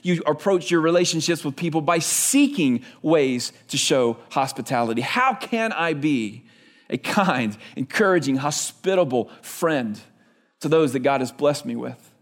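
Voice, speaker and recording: A man's voice: on the high side, animated, a little slow. A male pastor preaching a sermon in a church, telling stories conversationally with frequent "right?" asides.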